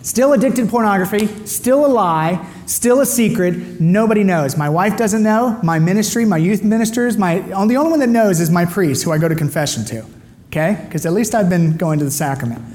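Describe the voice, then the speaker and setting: A middle-aged man giving an animated storytelling testimony, his voice leaping up with excitement as he acts out dialogue. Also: sits high. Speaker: speaker giving a personal testimony.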